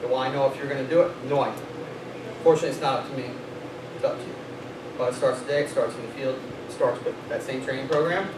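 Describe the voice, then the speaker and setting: A young man, a sales company vice president, telling a lively story and acting out dialogue in a motivational speech to his team. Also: medium pitch, fast. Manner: animated storytelling, acts out dialogue, laughs often. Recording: echoey room, distant mic, noisy.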